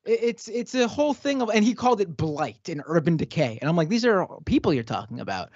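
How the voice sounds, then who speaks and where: A man's voice: high-pitched, big pitch swings, fairly quick, few pauses, darkish tone, no echo, highs cut off. A man hosting a live stream, chatting casually and ranting animatedly, speeding up when he argues. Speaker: show host.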